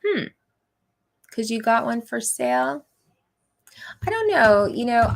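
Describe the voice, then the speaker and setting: Slow, gravelly woman chatting live. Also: mid-range voice. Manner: chatty, laughs often, many fillers. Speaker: livestream host. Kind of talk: casual live chat reading viewer comments.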